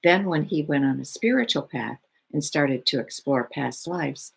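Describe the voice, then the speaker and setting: A woman who works as a spiritual healer, giving her weekly talk in an unhurried, rambling way with many fillers. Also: deep voice, expressive, vocal fry, breathy edge.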